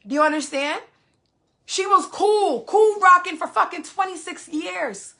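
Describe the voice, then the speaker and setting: Gravelly, bright-voiced woman venting hard. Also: very high voice, a little slow. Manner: profane, emphatic, repeats phrases for stress. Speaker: vlogger. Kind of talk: heated casual venting to viewers.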